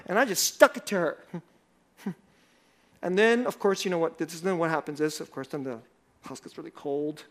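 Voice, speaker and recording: A man's voice: a little high, normal speed, pauses often. A middle-aged man, a pastor, preaching a sermon and telling a self-deprecating personal story in a conversational way, often laughing.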